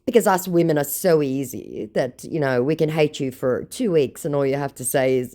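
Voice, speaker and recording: A woman's voice: sits low, brisk, hardly any pauses, mellow. A woman narrating as a scambaiter, reading chat logs aloud in a sarcastic, mocking way.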